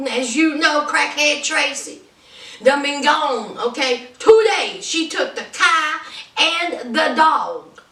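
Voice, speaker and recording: A woman with a high, bright voice gives a sassy, teasing review of a reality show, dragging out her words slowly. She sounds roomy and a little far from the mic. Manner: sassy, teasing, playful slang. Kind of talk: casual commentary vlog. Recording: roomy, from a distance.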